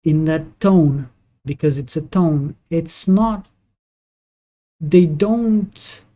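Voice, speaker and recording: Here's a live gaming stream where a native Portuguese speaker chats in a warm, medium-pitched voice. He's opinionated but halting, frequently starting his sentences over.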